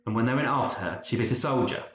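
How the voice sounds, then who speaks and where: A man narrating an audiobook in a measured, even storytelling manner. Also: mid-range voice. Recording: muffled roomy recording, faint hiss.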